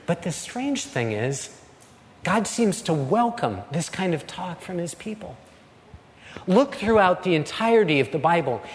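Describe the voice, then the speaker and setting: Male pastor, measured sermon delivery, slightly high voice, long hall reverb. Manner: slow, earnest preaching with dramatic pauses.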